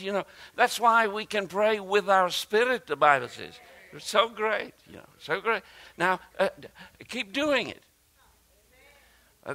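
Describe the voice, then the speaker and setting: Animated, bright-voiced male preacher. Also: sits high. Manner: animated and emphatic, with frequent repetition and halting restarts; talks directly to the congregation with asides and questions. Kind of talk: sermon.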